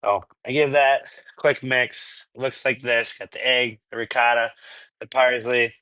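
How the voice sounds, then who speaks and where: Bright-voiced chatty dad from Minnesota. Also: male voice, mid-range voice, fairly even intonation, unhurried, no room sound, low-quality recording. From Minnesota, US Midwest. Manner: chatty and rambling, laughs often, answers live chat. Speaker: cooking channel host. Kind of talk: casual live cooking stream. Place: home kitchen.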